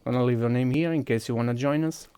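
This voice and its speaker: A man's voice: mid-range voice, quick pace, dark tone, smooth. A man with a Portuguese accent streaming a game, walking viewers through each step while he clicks and thinks aloud. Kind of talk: casual live-stream chat.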